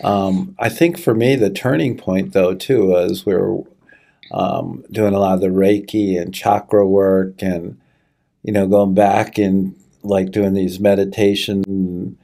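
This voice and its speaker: A middle-aged man telling a personal story in an earnest, halting way, choking up as he goes. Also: deep voice, fairly even intonation, vocal fry, dark tone. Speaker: guest sharing a personal story. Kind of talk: conversational testimony.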